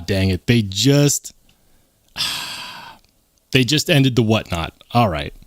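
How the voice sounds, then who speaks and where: Animated man chatting on a live stream. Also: mid-range voice. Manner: chatty, reads chat aloud, self-mocking. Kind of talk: casual live-stream chat.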